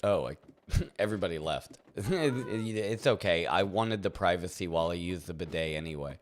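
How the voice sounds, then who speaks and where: A man's voice: deep voice, expressive, moderate pace, a little hiss or hum. A man casually chatting with viewers while playing a game, playful and rambling, chuckling often and talking to his chat. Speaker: streamer.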